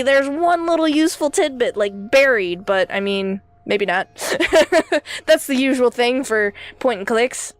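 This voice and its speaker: A woman's voice: fairly high pitch, animated, unhurried, faint music behind. A woman giving let's-play commentary, chatty and wry, laughing often at her own asides. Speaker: game commentator.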